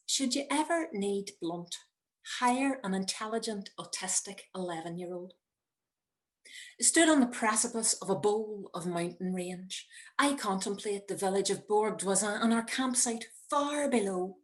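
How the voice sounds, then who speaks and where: A middle-aged woman, telling a personal story in a wry, measured way with dramatic pauses, recorded at home over a video call. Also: medium pitch, animated. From Northern Ireland. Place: home, indoors.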